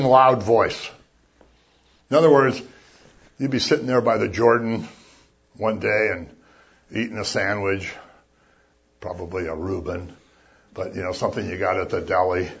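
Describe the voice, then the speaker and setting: Male preacher, husky voice, casual and jokey, then bursts loud for emphasis; muffled lo-fi recording. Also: fairly low pitch, unhurried, pauses often. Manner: conversational, with jokey asides and sudden loud emphasis. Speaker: pastor. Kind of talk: sermon.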